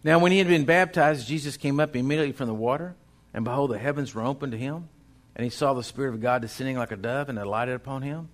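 A man's voice: medium pitch, quick pace. A male pastor, preaching a sermon in a folksy, conversational way that builds in intensity.

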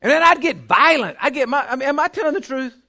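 A middle-aged man, preaching a sermon with emphatic repetition that climbs into shouting. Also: very high-pitched, expressive, fast talker.

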